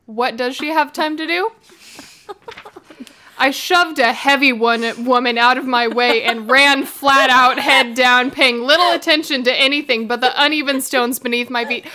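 Bright, high-voiced woman recapping a book. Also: moderate pace, a little hiss or hum. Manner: sarcastic, giggly storytelling. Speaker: podcast co-host. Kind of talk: casual book recap chat.

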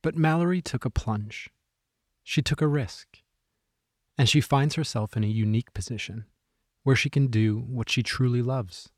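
A male podcast host giving a measured, polished scripted narration. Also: medium pitch, no echo, clean studio sound.

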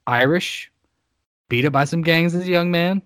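A man's voice: fairly high pitch, normal speed, fairly bright tone, no echo, studio quality. A man co-hosting a casual movie chat in a laid-back way, sharing trivia and swearing casually. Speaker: podcast co-host.

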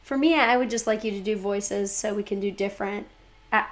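A woman co-hosting a podcast, chatting casually and playfully teasing her co-host. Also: mid-range voice. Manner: chatty, playful, quick to tease. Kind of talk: casual chat.

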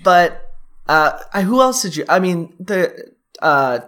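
Woman interviewer, low and animated, warmly praising the guest's work. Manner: enthusiastic, quick to praise. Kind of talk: casual interview chat.

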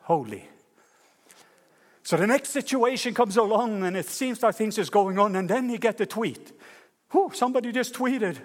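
A man preaching a sermon at a service, telling stories in an animated way that swings from loud bursts to hushed tones. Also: high-pitched, normal speed, pauses often. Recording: reverberant church hall.

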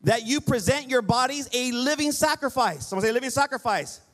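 A man's voice: very high-pitched, lively intonation, fairly quick, a bit bright. A middle-aged man preaching a sermon as pastor, pleading with the congregation and calling for responses.

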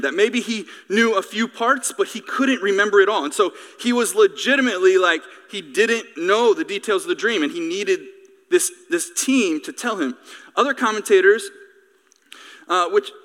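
A male pastor preaching a sermon in an animated, joking, conversational way. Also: high-pitched, in a large hall.

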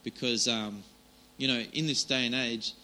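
Man, casual sermon, chatty, filler-heavy, very bright voice. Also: medium pitch, steady tone, normal speed, low-quality recording. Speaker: preacher. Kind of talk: informal sermon.

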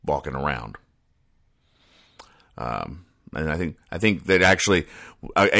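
Dry, rambling man explaining comics. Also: a bit bright. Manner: rambling, dry, sighing, trailing off low. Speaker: host reading comics.

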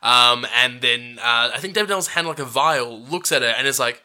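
A man co-hosting a podcast, recapping a film in excitable casual chat, swearing and saying dude a lot. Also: medium pitch, normal speed. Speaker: podcast co-host.

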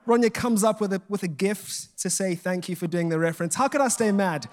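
A man with a high-sitting voice preaches fast, with few pauses. His sermon is full of jokey, self-deprecating stories told with animation, and he acts out the quoted dialogue.

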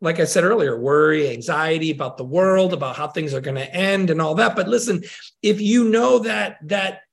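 A male pastor in conversation, telling a story in an earnest, reflective way with frequent pauses and restarts. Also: fairly high pitch, animated, gravelly.

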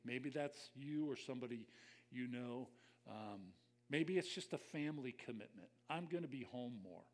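An older man preaching a conversational sermon as a pastor, reflective and personal, speaking straight to his listeners. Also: medium pitch.

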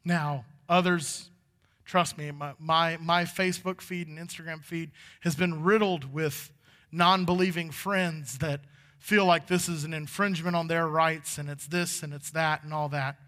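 A man's voice: a little high, fairly even intonation, measured pace, pushed and bright, long reverb tail. A male pastor preaching a sermon in a church sanctuary. He talks in a folksy, conversational way that builds to fervent moments.

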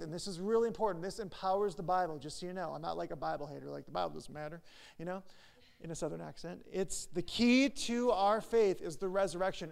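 A man's voice: high voice, gravelly. A man who is a pastor, giving a casual, conversational sermon with frequent asides and self-corrections.

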